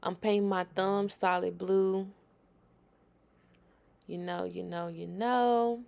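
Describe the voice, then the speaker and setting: A woman's voice: lowish voice, steady tone, takes it slowly, vocal fry, a little mellow. A woman hosting a nail tutorial, talking viewers through her work in a chatty, emphatic voice-over.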